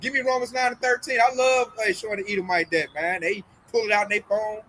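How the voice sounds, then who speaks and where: A man's voice: high-pitched, fairly even intonation, fast, sharp tone, slight background noise, rough recording. A man talking casually about religion as a host, emphatic and full of slang, acting out the voices of people he quotes.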